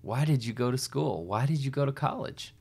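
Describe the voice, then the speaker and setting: A man's voice: medium pitch, lively intonation, fairly quick, darkish tone, breathy edge. A man hosting a podcast, chatting in a friendly, rambling way and often correcting himself. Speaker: podcast host. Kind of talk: casual interview chat.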